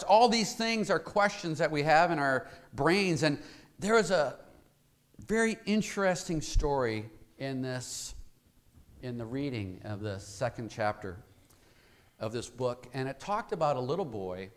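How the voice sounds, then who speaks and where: A man's voice: a little high, expressive, unhurried. A male pastor giving a conversational sermon in a church, telling a story and asking the congregation rhetorical questions.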